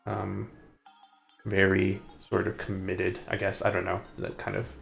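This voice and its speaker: A man talks through a live stream in a loose, meandering way, stopping and restarting his thoughts. His voice sits low with a gravelly edge, and soft music plays faintly underneath. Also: monotone, measured pace. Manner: rambling, hesitant, self-correcting. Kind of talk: casual live-stream commentary.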